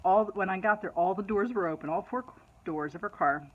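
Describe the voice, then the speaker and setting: A woman's voice: medium pitch, brisk, narrow, tinny audio. Chatty middle-aged woman telling a story. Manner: chatty and animated, laughs at her own story. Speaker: vlogger. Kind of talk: casual personal storytelling to camera.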